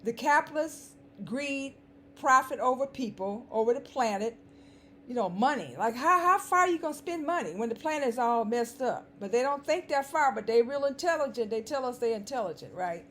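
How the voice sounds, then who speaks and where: A woman's voice: on the high side, expressive, normal speed, fairly bright tone. A woman with a dry, scratchy voice giving an emphatic, sarcastic commentary monologue, repeating words for stress. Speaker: vlogger.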